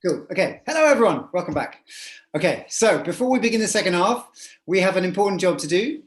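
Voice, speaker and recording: A woman's voice: on the low side, expressive, a little fast, echoey room. A woman hosting a live online improv show over a video call, chatty and hesitant, full of fillers and restarts. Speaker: host.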